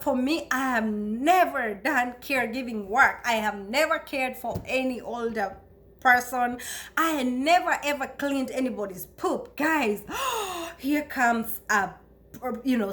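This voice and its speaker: A woman from Kenya with a Kenyan accent, telling stories about her life abroad in a chatty, expressive way and often breaking into laughter. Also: sits high. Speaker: vlogger. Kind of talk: casual storytelling to camera.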